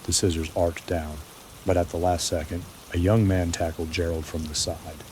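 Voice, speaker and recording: A man with a very low, deep voice narrates a sleepy horror story in a slow, deliberate manner. His delivery is ominous and carefully scripted. Gentle rain patters faintly behind him. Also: flat delivery, slight background noise.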